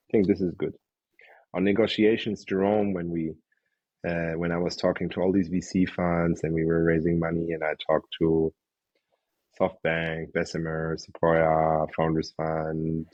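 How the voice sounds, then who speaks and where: A man being interviewed as an investor, telling emotional, animated stories and acting out quotes. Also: deep voice, husky, dry recording, dull audio. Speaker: guest investor. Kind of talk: candid interview talk.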